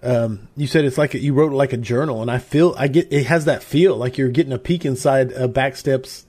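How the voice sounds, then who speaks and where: A man's voice: mid-range voice, fairly quick, darkish tone. A man hosting a live-stream interview podcast, enthusiastic and chatty as he reads out viewer comments. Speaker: podcast host.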